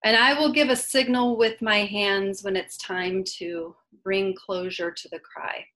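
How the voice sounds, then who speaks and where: A woman leading a contemplative online worship service, guiding breathing and inviting the group to join a prayer in a slow, calm, invitational way. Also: medium pitch. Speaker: worship leader.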